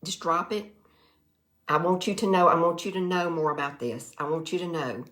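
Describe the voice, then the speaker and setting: A woman's voice: fairly low pitch, normal speed, a bit bright. Earnest Southern woman. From Mississippi Delta, US. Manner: earnest, repetitive, folksy, heartfelt. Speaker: direct sales vlogger. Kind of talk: emotional testimonial to camera.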